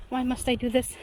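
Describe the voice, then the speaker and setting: A woman's voice: sits high, fairly bright tone, a little hiss or hum. A young woman vlogging while hiking alone in the woods, chatty and a bit nervous, out of breath. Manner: chatty, talks to viewers, nervous self-talk. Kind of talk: casual vlog narration while hiking. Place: outdoors in woods.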